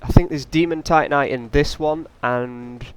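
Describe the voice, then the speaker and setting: A man's voice: fairly high pitch, moderate pace, clear, resonant tone. A man doing casual, rambling let's play commentary, often taunting the enemies on screen. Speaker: gaming channel host.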